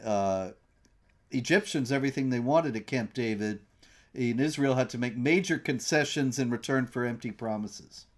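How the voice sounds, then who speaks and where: A man hosting a casual political chat in a conversational, sardonic way, with halting restarts. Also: medium pitch. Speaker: host.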